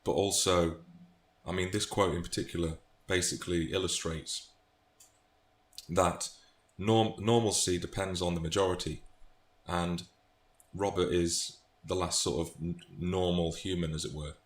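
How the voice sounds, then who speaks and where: A man's voice: low voice, fairly even intonation, measured pace. A British man chatting about favourite book quotes in a thoughtful, casual way, often restarting phrases. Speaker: book vlogger. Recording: echoey room, faint noise.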